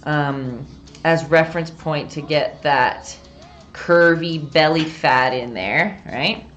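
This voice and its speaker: Brief: young Canadian woman, low voice, chatty livestream art teacher, giggly, faint background music. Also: slow, a bit bright. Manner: chatty, giggly, reads chat aloud. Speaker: painting instructor. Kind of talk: live-streamed painting lesson chat.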